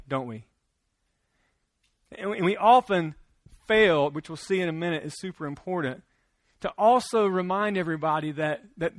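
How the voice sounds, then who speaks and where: Guy preaching, chatty with lots of restarts, bright tone, dry sound. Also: fairly high pitch, no room sound. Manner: conversational preaching with repeated restarts and tag questions. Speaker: pastor. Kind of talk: sermon.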